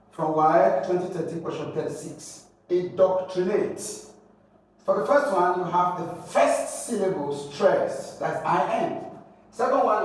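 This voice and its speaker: A man with a Nigerian English accent coaching students for an oral English exam, explaining slowly, spelling out letters and quizzing the listener. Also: high voice. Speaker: exam prep teacher. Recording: echoey room, mic at a distance, faint background hiss.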